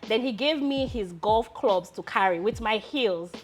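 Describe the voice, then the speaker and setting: Nigerian woman telling lively stories. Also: a little high, measured pace. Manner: lively storyteller, often breaks into laughter. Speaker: guest, lawyer and founder. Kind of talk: casual interview storytelling.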